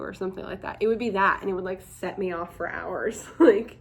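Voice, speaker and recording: A woman's voice: medium pitch, brisk, husky. A young woman vlogging to camera in casual chat, candid and chatty, full of "like" fillers.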